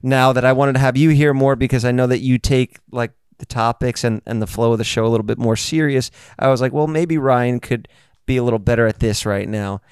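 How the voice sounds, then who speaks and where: A man's voice: medium pitch, steady tone, brisk, a little mellow, clean tone, dry recording, clean studio sound. A young man hosting a podcast, chatting casually in a blunt, profane, teasing way. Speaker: podcast host. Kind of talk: casual chat.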